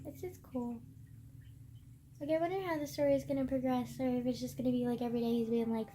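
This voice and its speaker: A woman's voice: high-pitched, steady tone, moderate pace, long pauses, noisy background. A young woman vlogging about a book she loves, rambling casually with constant fillers and frequent swearing. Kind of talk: casual chat.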